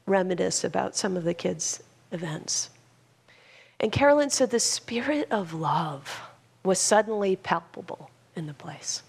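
A woman minister preaches an earnest sermon with a storyteller's pacing. She often rises to fervent emphasis. Her voice has a noticeable gravelly fry. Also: lowish voice.

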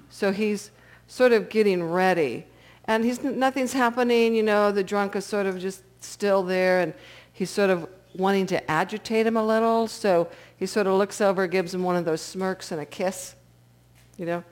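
A woman's voice: medium pitch, normal speed, a little mellow. A woman giving a storytelling talk as a spiritual teacher, often checking in with her listeners.

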